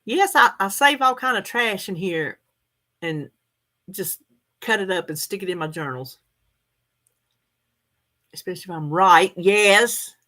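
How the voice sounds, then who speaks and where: Chatty woman with a lively voice. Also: medium pitch, unhurried, long pauses. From United States. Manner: chatty, laughs often, talks straight to viewers. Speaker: livestream host. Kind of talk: casual chat reading viewer comments.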